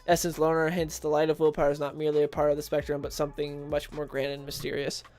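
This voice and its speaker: A man's voice: fairly high pitch, monotone, quick pace, darkish tone. A man hosting a casual livestream about comics, chatting with viewers and reading recaps aloud. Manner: chatty, reads chat and recaps aloud, laughs at own jokes.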